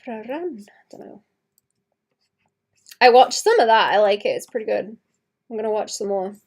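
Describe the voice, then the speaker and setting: A woman's voice: mid-range voice, moderate pace, a little mellow. A young woman with a light Welsh accent, chatting casually and rambling as she draws on a live stream, laughing often. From Wales. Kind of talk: casual livestream chat while drawing.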